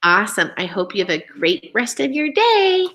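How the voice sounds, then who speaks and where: A woman teacher giving a reading lesson to young children, reading poems aloud in a slow, expressive, sing-song way. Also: medium pitch.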